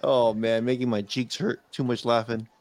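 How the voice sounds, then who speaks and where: A man's voice: mid-range voice, little pitch movement, moderate pace, a little mellow, no room sound. A man in casual chat who teases his co-host and laughs often.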